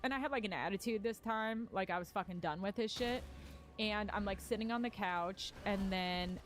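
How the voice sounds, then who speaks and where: A woman's voice: mid-range voice, normal speed, a little hiss or hum. Woman comedian, candid rambling storyteller, filler-heavy and profane, mid-range voice. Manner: rambling, lots of "like" fillers and swearing. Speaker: stand-up comedian. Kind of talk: casual personal storytelling.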